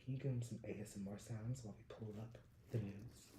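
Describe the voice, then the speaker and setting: A man's voice: fairly low pitch, steady tone, fast, reverberant, noisy background. A man hosting a casual livestream news show, talking in a laid-back, folksy way. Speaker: host.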